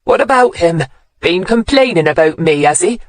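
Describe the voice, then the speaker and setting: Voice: mid-range voice, animated, moderate pace, dry recording, close to an everyday voice. An audiobook narrator voicing a grumpy old countryman with a rural English accent, aggrieved and blunt. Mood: gruff, aggrieved. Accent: English West Country rural. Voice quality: rural dialect, sneering then cracking. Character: grumpy old countryman grieving his cat.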